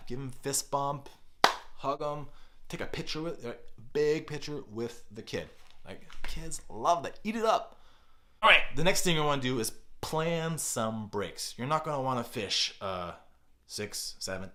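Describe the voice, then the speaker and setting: Speaking at medium pitch, a middle-aged man who works as a kids pastor gives podcast parenting advice, purposely hamming it up with lots of energy.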